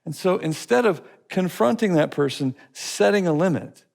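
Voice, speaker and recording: A man teaching a recorded class session, repeating phrases and telling lively stories. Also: high-pitched, moderate pace, vocal fry. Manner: repeats phrases, lively storytelling with put-on voices. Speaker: curriculum teacher.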